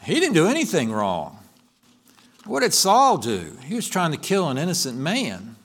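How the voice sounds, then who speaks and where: Animated male preacher, lively voice. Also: on the high side, normal speed. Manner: animated storytelling, with frequent restarts and self-corrections. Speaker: pastor. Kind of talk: sermon.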